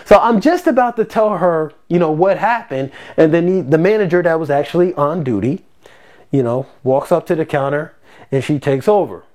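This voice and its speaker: A parent casually telling a personal story to camera, animated and exasperated, acting out the quoted lines with big jumps in pitch. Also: moderate pace. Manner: exasperated, recounting a grievance.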